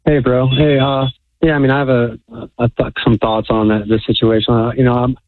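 Flat-voiced, flustered male caller. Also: mid-range voice, brisk, dry recording. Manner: flustered, apologetic. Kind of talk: call-in radio talk. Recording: tinny phone line.

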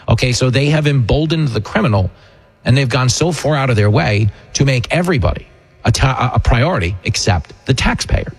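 Brief: husky-voiced middle-aged male talk radio host, sarcastic, mocking, ranting monologue. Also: mid-range voice.

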